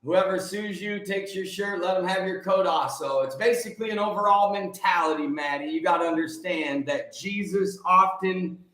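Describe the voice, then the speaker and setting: An American man hosting a live-streamed Christian show, greeting viewers by name and preaching with energetic exclamations. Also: high-pitched. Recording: echoey room with faint noise.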